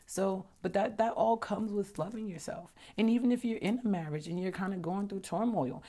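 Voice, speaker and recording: A woman hosting a casual, heartfelt vlog. She talks emphatically, restarts and repeats words, and often drops into a hushed whisper. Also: medium pitch. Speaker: vlog host.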